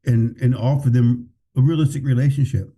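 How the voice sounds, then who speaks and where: Candid, plainspoken pastor with a dark voice. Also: male voice, mid-range voice, fairly even intonation, brisk. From California. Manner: candid and plainspoken, with many restarts. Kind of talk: casual podcast conversation.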